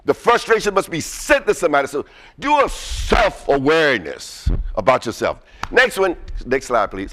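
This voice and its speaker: A man's voice: high-pitched, big pitch swings, moderate pace, a bit bright. A man giving an interactive motivational lecture, energetically quizzing the audience with fill-in questions. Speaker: workshop presenter.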